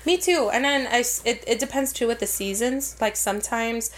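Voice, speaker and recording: High-voiced woman chatting casually. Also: moderate pace. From Mexican-American family. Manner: casual, profane, slangy, switches between English and Spanish. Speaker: podcast co-host. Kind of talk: casual chat.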